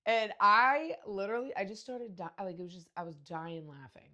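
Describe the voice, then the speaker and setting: A woman's voice: fairly low pitch, expressive, fairly quick, darkish tone, dull audio. A woman in her forties hosting a podcast, telling casual stories in a brash, profane way with frequent laughter. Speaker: podcast host. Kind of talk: casual storytelling monologue.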